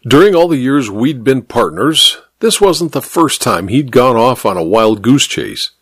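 Male narrator for a hard-boiled detective audiobook, wry and measured, animated pitch, dry close mic. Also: dry recording. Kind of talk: first-person detective novel narration.

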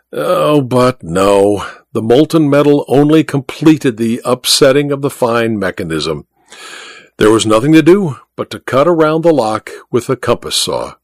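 A male audiobook narrator with a mid-range voice reads a scripted story in a measured, expressive manner. The studio sound is clean, with no room sound.

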